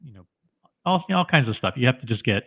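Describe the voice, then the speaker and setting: A man's voice: medium pitch, expressive, fast, husky. A man teasing on a casual livestream chat over a remote call, stumbling over his words. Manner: teasing, stumbling restarts, laughs. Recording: tinny phone-like remote call.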